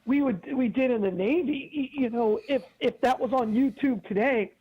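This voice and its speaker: A man's voice: extremely high pitch, moderate pace, slightly rough, narrow, tinny audio. A man in his fifties, a regular guest on a radio show, chatting in an agreeable way and laughing easily. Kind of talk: casual radio chat.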